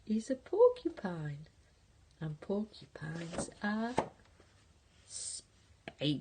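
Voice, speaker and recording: A woman's voice: medium pitch, expressive, takes it slowly, vocal fry, background noise. An older woman reading a picture book aloud to her grandchildren, playful, with whispered asides.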